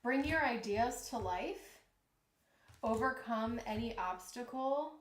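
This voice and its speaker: A woman giving a live-streamed tarot reading in a slow, soothing, reassuring way, tired from jet lag. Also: on the high side, animated. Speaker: tarot reader. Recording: echoey room with clear background noise.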